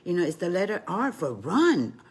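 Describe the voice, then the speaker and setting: A woman's voice: on the low side, sing-song, normal speed, slightly rough, voice pushed up, full character voice. A woman voicing a cheeky, know-it-all five-year-old boy with an eager, sing-song way of asking.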